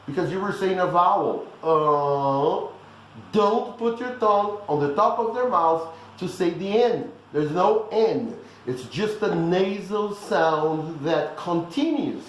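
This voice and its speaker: A man's voice: sits high, very echoey, a little hiss or hum, rough recording. A man giving a blunt, teasing pronunciation lesson that keeps checking in with the listeners. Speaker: language teacher.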